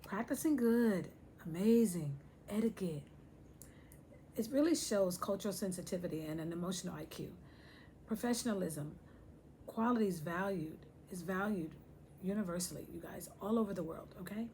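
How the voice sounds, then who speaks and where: A woman's voice: on the low side, expressive, moderate pace, mellow, slight background noise. A woman hosting a casual talk to her viewers, chatty and playful, speaking to them directly. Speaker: host.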